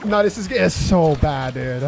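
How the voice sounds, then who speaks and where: A man doing live gameplay commentary, cursing and excitedly trash-talking his teammates. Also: fairly high pitch, measured pace, gravelly, soft background music. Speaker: gaming YouTuber.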